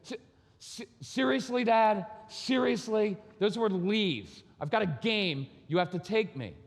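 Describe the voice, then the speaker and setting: A whiny, indignant young boy talks up high and complains, as a man acts him out, in a large hall. His voice rings with long reverb. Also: animated, a little slow, gravelly, full character voice.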